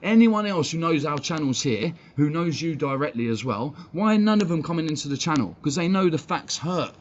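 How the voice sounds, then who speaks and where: A man's voice: fairly high pitch, big pitch swings, a little fast. Ranting man on a stream. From England. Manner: swearing, blunt and combative. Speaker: fan channel streamer. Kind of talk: heated live-stream rant. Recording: dull lo-fi stream audio, faint background noise.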